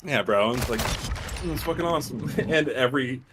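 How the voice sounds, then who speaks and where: A man's voice: medium pitch, animated, normal speed, noisy background. A young man co-hosting a casual stream chat, rambling and laughing often, swearing freely as he tells a game story. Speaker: stream co-host.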